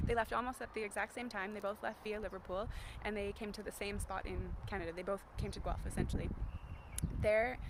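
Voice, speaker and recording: A woman's voice: mid-range voice, background noise. A young woman talking casually to camera in a vlog, chatty, with many fillers and self-corrections, recorded outdoors in the countryside. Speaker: vlogger.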